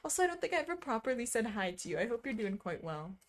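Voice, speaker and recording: A young woman streaming, chatting casually with her viewers, reading their messages aloud and laughing often. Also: quick pace. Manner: chatty, reads chat aloud, laughs often, lively pitch swings. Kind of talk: casual chat with live chat.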